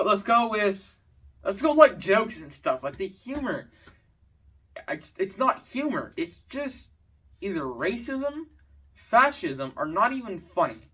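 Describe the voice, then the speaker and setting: Teen boy, higher voice, rambling and exasperated school rant, mic a touch far away. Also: a bit bright. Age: teens. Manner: exasperated, rambling, filler-heavy. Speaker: student vlogger. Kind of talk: casual storytelling rant. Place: home at night.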